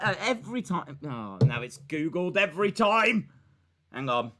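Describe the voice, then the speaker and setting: A man with a bright, forceful voice chats loosely on a live stream, full of fillers and restarts. He jokes with his viewers and talks back to his voice assistant. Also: high-pitched, very animated, a little slow, slight background noise. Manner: rambling and chatty, with many fillers and restarts. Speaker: live-stream host reacting to wrestling and reading chat. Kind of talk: casual live-stream chat.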